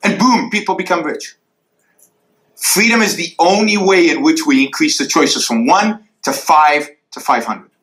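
A man with a high, bright, forceful voice gives an emphatic answer in a lecture Q&A. He drives his points home with repeated rhetorical questions. The sound is roomy and echoey, as from a lecture hall. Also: a little slow. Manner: emphatic, drawing graphs in the air for the audience.

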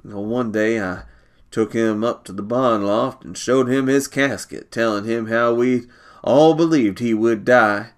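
A man reading a short story aloud, measured and unhurried. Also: on the low side, vocal fry.

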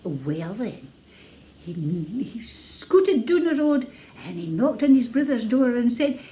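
A woman with a Scottish accent telling a children's story in a playful, expressive way. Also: on the high side, takes it slowly, slight background noise.

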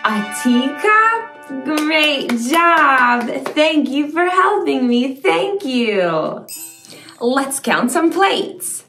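Slow sing-song woman teaching toddlers. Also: sits high, sing-song, distant mic. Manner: encouraging, exaggerated praise. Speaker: children's video host. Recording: echoey room, soft music behind.

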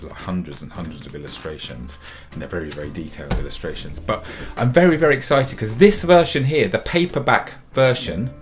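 A middle-aged man, a children's author and illustrator, giving a friendly drawing tutorial for kids in a chatty, upbeat way, often doubling words for emphasis. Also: deep voice.

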